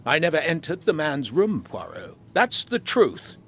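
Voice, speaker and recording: An actor playing a stiff British army captain who answers in a clipped, defensive manner. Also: male voice, a little high, huge pitch swings, measured pace, full character voice.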